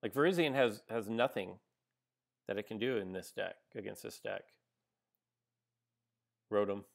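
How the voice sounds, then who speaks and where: A man's voice: lowish voice, moderate pace, creaky. A man giving casual live-stream commentary on a game he is playing. He thinks aloud, stops and restarts often with ums and likes, and answers viewers between moves. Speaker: gaming streamer.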